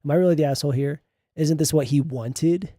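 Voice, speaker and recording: A man's voice: a little high, fairly quick, dark tone, no room sound, clean studio sound. Sarcastic, laughing man streamer. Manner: sarcastic, laughs often, swears. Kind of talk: reading posts aloud and reacting.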